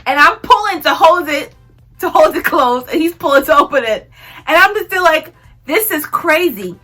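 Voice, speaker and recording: A woman's voice: high-pitched, animated, normal speed, bright, forceful tone, soft background music. A young woman telling a personal story in a casual storytime vlog, laughing often and acting out what people said. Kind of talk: casual storytime while tweezing.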